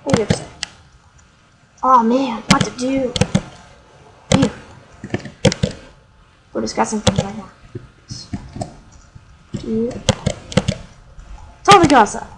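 A woman's voice: a little high, fairly even intonation, slow pace, pauses often. A woman doing casual let's play commentary, reading the game's dialogue aloud with playful asides. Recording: noisy home recording.

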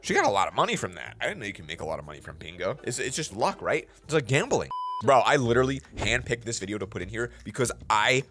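A man's voice: lowish voice, fast talker, over music. A young man hosting a reaction video, chatting casually and jokingly straight to his viewers. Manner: animated, jokey, talks straight to viewers with slang.

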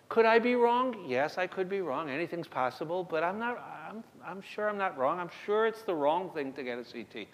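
A man's voice: a little high, expressive, brisk. A middle-aged man giving a conversational conference lecture, telling stories from his work and often restarting his sentences. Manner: conversational, self-deprecating, frequent restarts. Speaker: emergency medicine lecturer. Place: lecture hall. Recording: long reverb of a lecture hall.

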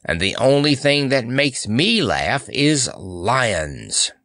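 A man's voice: medium pitch, very animated, slow, a bit bright, no echo, clean studio sound, pitched above the performer's own voice, full character voice. A man voicing a pompous, blustering male king with blue whiskers, speaking in a raised, demanding tone. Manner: imperious, demanding.

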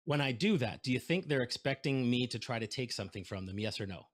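A man on stage telling a story with lots of energy, jumping between characters and pitching his voice up to act out each side of a conversation. His voice sits in the middle range for a man. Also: quick pace. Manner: animated storyteller, acts out both sides of phone calls. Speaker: keynote speaker. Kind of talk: storytelling keynote speech.

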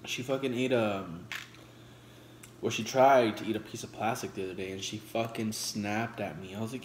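Young dude in his 20s eating n talking, kinda low voice, cussing a lot, roomy echo w/ background noise. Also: normal speed. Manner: laid-back slangy talk with frequent swearing; talks between bites while eating. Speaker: vlogger. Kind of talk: casual mukbang chat. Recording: echoey room with noise.

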